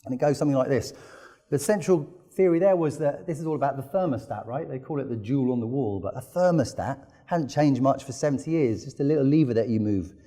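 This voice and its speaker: A man's voice: medium pitch, fast talker, warm tone. A man from the United Kingdom giving a business presentation, telling enthusiastic stories with lots of "you know" fillers. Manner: enthusiastic storytelling with frequent fillers. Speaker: conference speaker.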